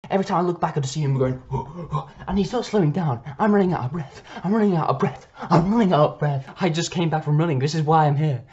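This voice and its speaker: A man telling a wild comic story to the camera, swinging from hushed whispers to panicked shouting. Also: fairly high pitch, quick pace, hardly any pauses, dull audio, a little hiss or hum. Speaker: comedy storyteller.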